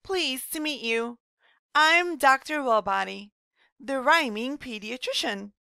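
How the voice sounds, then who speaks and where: A cheerful, rhyming children's doctor, played by a woman walks young kids through the body at an unhurried pace. Her voice sits a little high and sounds bright, and she talks gently like a teacher. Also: animated, creaky, clear, resonant tone, no echo, studio quality, full character voice. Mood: friendly. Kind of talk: scripted read-aloud lesson.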